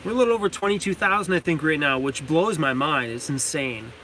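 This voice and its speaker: A man's voice: on the high side, brisk, bright, forceful tone, slight background noise. A man hosting a casual livestream from inside his van, reading out viewer comments, laughing often and talking to his dog. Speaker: van-life channel host.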